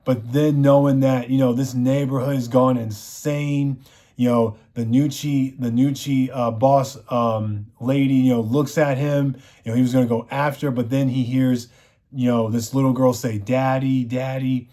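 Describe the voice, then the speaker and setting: A man's voice: mid-range voice, steady tone, moderate pace, warm tone. A man reviewing a TV show, recapping the plot in a rambling, casual way, full of "you know" fillers.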